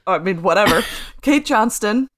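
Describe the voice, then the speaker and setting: A woman's voice: mid-range voice, expressive, moderate pace, fairly bright tone. A woman co-hosting a casual chat in a giggly, enthusiastic way. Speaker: podcast co-host.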